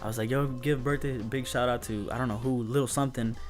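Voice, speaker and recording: A man guesting on an interview, telling DJ stories in relaxed, slangy casual chat with frequent laughs. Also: mid-range voice, quick pace, soft background music. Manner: laid-back storytelling, says "dude" and "bro" a lot, laughs often.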